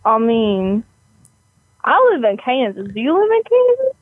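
A woman's voice: a little high, wildly swooping pitch, measured pace, no room sound. A woman on a phone call, answering in a blunt, skeptical way. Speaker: prank call target. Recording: tinny phone line.

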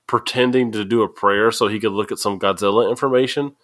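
A male podcast co-host who talks in an animated, rambling way and laughs often. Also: fairly low pitch, fairly quick. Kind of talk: casual podcast chat.

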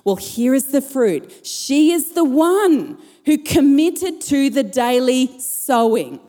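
Woman pastor, high warm voice, passionate sermon, reverberant hall. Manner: passionate preaching with rising emphasis. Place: church auditorium.

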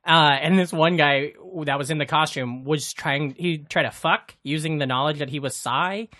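A man co-hosting a comedy podcast, telling stories in a loose, animated way and swearing freely. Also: on the high side, normal speed. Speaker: podcast co-host. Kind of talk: casual comedy chat.

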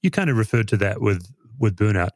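A man, a therapist interviewing a guest, asking probing questions in a gentle, measured and slightly halting way. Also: lowish voice, expressive, dry recording, clean studio sound.

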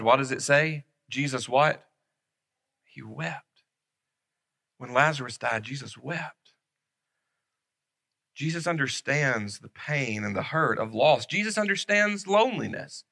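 Man preaching with bright, dynamic swings. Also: high-pitched. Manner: dynamic, swings from loud emphasis to soft near-whisper; repeats key phrases for emphasis. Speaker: pastor. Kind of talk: sermon.

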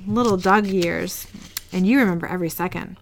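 A woman's voice: on the low side, a little fast, vocal fry, a little hiss or hum. A woman reading a mocking child demon. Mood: taunting. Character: taunting demon in a little girl's form.

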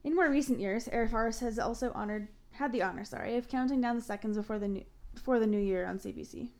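A chatty woman co-hosting a podcast, with a somewhat high voice. She reads from notes, then drifts into loose, giggly chat full of "like" and restarts. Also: quick pace, darkish tone. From Ontario, Canada. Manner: chatty, laughs often, frequent "like" and self-corrections. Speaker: podcast co-host. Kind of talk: casual podcast chat mixed with reading notes.

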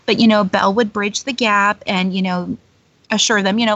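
A woman's voice: mid-range voice, steady tone, normal speed, a bit bright, dry recording. Chatty woman telling stories, laughing. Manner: chatty storyteller, many fillers, laughs often. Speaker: guest, former theme-park character performer. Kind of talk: casual interview chat. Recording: dull lo-fi dry recording.

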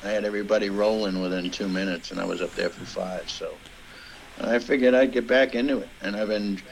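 A man's voice: lowish voice, fairly even intonation, fairly quick, gravelly, slight background noise, poor audio. A middle-aged man, a comedian guest from the Boston area, telling rambling, profane stories in casual podcast chat.

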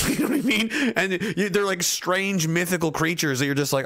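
A man's voice: high-pitched, expressive, moderate pace, fairly bright tone. Blunt, profane veteran man ranting. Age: 30s. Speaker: veteran streamer. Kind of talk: casual ranting commentary to a live chat.

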